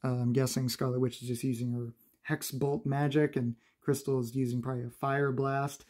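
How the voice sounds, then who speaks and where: A man recapping a comic book in a casual, chatty review, laughing often and filling pauses with "uh". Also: mid-range voice, level tone, darkish tone.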